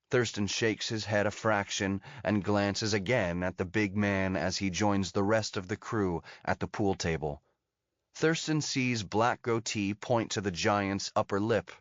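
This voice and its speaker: Man, audiobook narrator, measured scripted narration, low voice, muffled dry recording. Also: dry recording. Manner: steady, measured storytelling.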